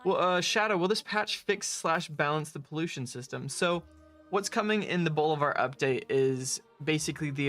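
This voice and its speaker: A man's voice: a little high, fairly bright tone. A young man from the West Coast of the United States in his twenties, casually chatting on a game livestream, laughing often and reading out chat messages. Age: 20s. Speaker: stream co-host.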